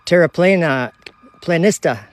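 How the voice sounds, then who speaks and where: A man's voice: fairly high pitch, lively intonation, measured pace, no echo. Chatty Minnesota man streaming outdoors. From United States (Minnesota). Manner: chatty, reads viewer comments aloud, laughs easily. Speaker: livestream host. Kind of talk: casual live-stream chat with viewers. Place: outdoors at night by a telescope. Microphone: phone.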